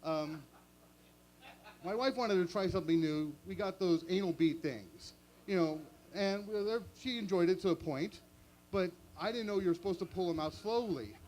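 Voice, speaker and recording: A man's voice: high voice, animated, moderate pace, darkish tone. A man doing stand-up comedy at a small open mic, chatty and self-mocking. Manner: chatty, self-mocking, chuckles at own jokes.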